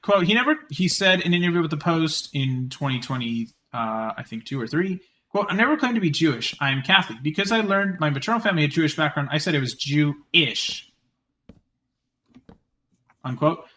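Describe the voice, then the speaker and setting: A man's voice: on the high side, animated, sharp tone. A man streaming live, reading an article aloud and breaking off for casual, chatty asides. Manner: quick chatty reading with many fillers and restarts.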